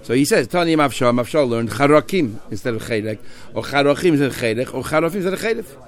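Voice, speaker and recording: Man, Talmud teacher, mid-pitched voice, talks through text with restarts and Hebrew terms. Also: expressive, fast talker. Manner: explains in a Yeshivish mix of Hebrew and Aramaic terms with English, with many restarts. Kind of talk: Talmud class lecture.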